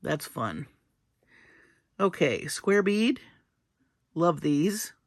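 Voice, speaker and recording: A woman talks slowly through a jewelry-making demonstration, her voice carrying a gravelly, creaky texture. She is chatty and playful, with a dry, close recording and no room sound. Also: sits low, very animated, no room sound. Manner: chatty and playful, with small laughs. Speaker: jewelry-making tutorial host. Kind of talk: casual craft demonstration.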